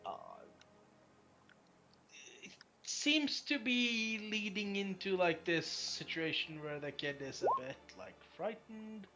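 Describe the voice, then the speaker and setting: Brief: a man game-mastering at a slow, meandering pace, with lots of "like" and "uh", faint music under him. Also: high-pitched, lively intonation. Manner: hesitant, filler-heavy, drawn-out phrasing. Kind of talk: narrating a tabletop game.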